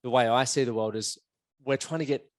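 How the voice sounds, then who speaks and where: A man hosting a casual podcast, speaking frankly and swearing with ease. His voice sits at a middle pitch, recorded dry and close with no room echo. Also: brisk. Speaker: podcast host, men's performance coach.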